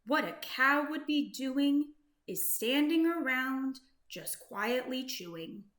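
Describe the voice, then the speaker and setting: A woman voicing a placid cow in a storybook, speaking in a calm, unhurried way. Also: high voice, reverberant, exaggerated voice.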